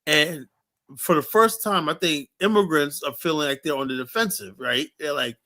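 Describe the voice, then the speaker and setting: A man hosts a casual streamed talk with a bright, forward tone. He tells stories animatedly. His voice sits slightly high. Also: moderate pace. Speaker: podcast host.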